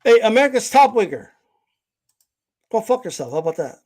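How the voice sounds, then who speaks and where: A man's voice: high voice, very animated, fairly quick, a little mellow. A man hosting a boxing channel livestream, ranting in a blunt, profane, confrontational way. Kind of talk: livestream rant.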